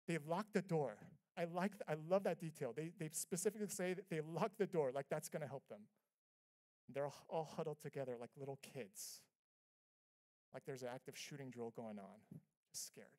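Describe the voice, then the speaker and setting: A man preaching a sermon as pastor, telling a personal story with earnest, conversational delivery, swinging between soft and loud passages. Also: on the high side. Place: church sanctuary.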